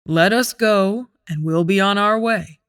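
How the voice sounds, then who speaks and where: Woman reading a calm protective young man, soothing, storybook hero, dry close voice. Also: mid-range voice, measured pace, clean tone, no room sound, lightly acted.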